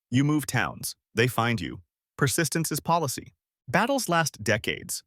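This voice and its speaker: Male narrator, dry deadpan read, animated pitch, no room sound. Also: measured pace, dry recording. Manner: dry, clipped deadpan delivery in short sentences.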